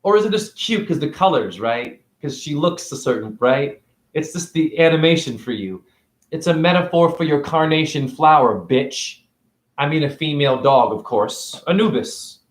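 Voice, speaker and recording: A man giving a provocative, preachy spiritual rant on his own vlog, swinging between loud outbursts and soft asides. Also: on the high side. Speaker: self-styled spiritual teacher. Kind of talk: ranting vlog monologue. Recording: roomy echo.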